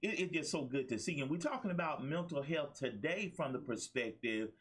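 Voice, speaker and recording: A man's voice: on the high side, expressive, a little fast, husky. A man hosting a live-streamed talk show, greeting each guest by name and chatting in a friendly way. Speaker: show host.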